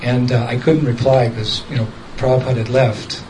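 A man's voice: medium pitch, little pitch movement, moderate pace, noisy background. A man casually telling a story from his past, often chuckling and quoting the people in it directly. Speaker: devotee recounting a memory.

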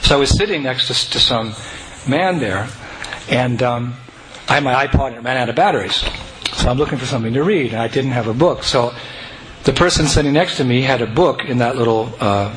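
A man telling a personal devotional story to an audience, animated and breaking into chanting and joyful shouts. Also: mid-range voice, brisk. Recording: noisy recording.

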